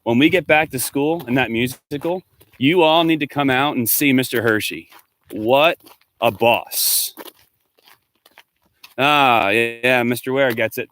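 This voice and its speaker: A man's voice: mid-range voice, moderate pace, fairly bright tone. A male teacher talking casually to his students, rambling as he answers their comments one by one.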